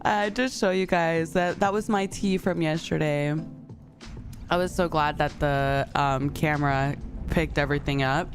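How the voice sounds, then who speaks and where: Slow-talking woman telling a story. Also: deep voice, steady tone, soft background music. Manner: chatty storytelling, laughing between lines. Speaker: streamer. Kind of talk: casual chat to viewers.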